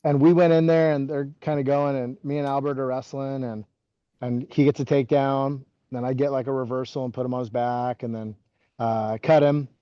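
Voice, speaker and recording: Man, forties, podcast guest, rambling storyteller, mellow voice, dull dry recording. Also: mid-range voice, flat delivery, brisk, clear, resonant tone, no echo. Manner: rambling, heavy use of "like" and restarts. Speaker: podcast guest, former wrestling coach. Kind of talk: casual interview storytelling.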